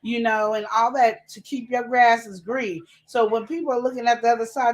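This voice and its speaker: A woman co-hosting a live relationship advice show, chatting casually and fast, full of energy. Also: a little high. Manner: chatty, animated, talks fast and laughs.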